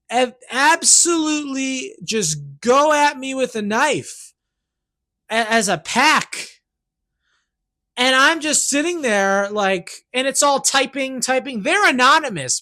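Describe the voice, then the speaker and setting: A YouTuber and songwriter speaks to camera in a very high-pitched, sharp voice. His monologue rambles and rants, breaking off and starting over, and he keeps tagging points with "right?"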